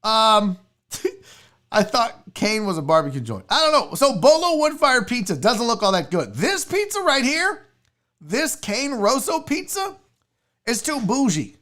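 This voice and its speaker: A woman's voice: fairly high pitch, sing-song, a little slow, fairly bright tone. A woman hosting a casual livestream chat, blunt, profane and mocking as she reacts. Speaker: sports show host.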